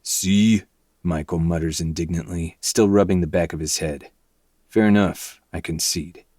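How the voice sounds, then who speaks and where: Deep-voiced guy narrating a dark book, low and intense, dry close mic. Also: steady tone, normal speed, dry recording. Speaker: podcast host reading a novel. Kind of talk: dark first-person audiobook narration.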